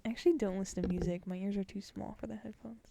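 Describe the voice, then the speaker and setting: A young woman co-hosting a casual podcast chat, laughing often and slipping into soft half-whispered asides. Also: medium pitch, steady tone, quick pace, creaky, no room sound. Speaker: podcast co-host.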